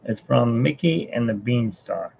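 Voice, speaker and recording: A streamer draws live for his viewers, chatting casually and rambling to himself as he works. His mid-range voice is expressive, a little slow, and creaky, coming through a tinny, phone-like line with faint hiss.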